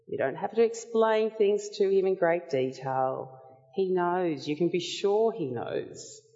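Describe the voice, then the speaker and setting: Slow, earnest woman preaching in a hall. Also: on the low side, warm tone. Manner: earnest, measured Bible teaching. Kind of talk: sermon. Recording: dull sound with long hall reverb.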